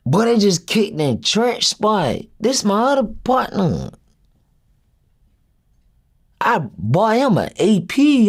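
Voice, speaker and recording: A young man being interviewed as a rapper, casually retelling a story and acting out what each person said. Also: high-pitched. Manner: animated retelling, acts out quoted dialogue.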